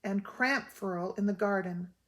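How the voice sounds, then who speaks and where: A woman's voice: mid-range voice, a little slow, a bit bright, close to an everyday voice. An older woman voicing an anxious, fussy mother who tells gossip with emphatic exclaims, in a storybook reading. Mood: grave.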